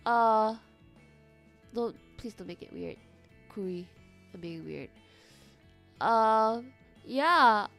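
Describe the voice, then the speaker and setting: A young woman streaming and chatting with her viewers in an easy, unhurried way. Her voice sits a little high, and she bursts into loud, animated reactions to what her chat says. Faint music plays behind her. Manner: animated, exclaims loudly at chat comments.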